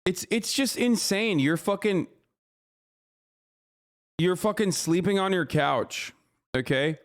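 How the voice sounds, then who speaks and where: A man's voice: high-pitched, slow pace. A man streaming a reaction to a news story, heated and profane, repeating himself and asking "okay?" often. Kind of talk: livestream reaction commentary.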